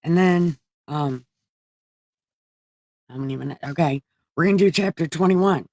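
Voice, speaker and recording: A woman's voice: deep voice, a little slow, darkish tone, no room sound, rough recording. A woman reading the Bible on a livestream in a comedic, casual way, irreverent and profane, chatting with viewers.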